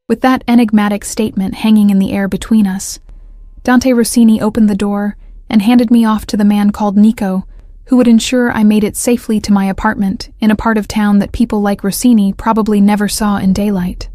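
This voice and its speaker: A woman narrating a first-person romance audiobook in a measured, even way. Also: mid-range voice, no room sound, studio quality.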